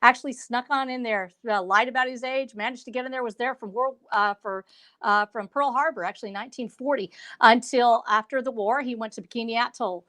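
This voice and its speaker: A woman's voice: a little high, fairly quick, sharp tone. A woman, chatting as an author guest in a playful, theatrical, joking way. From Texas. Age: 50s. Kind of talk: casual interview chat.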